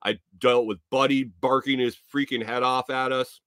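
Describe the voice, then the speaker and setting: A man on his own podcast, talking in a middle-pitched voice through a long, profane, meandering story. He sometimes breaks into loud outbursts. The sound is dry and close, with almost no room around it. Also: level tone, normal speed, smooth, dry recording. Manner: profane, rambling, rising to loud exclaims. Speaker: podcast host. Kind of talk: casual storytelling monologue.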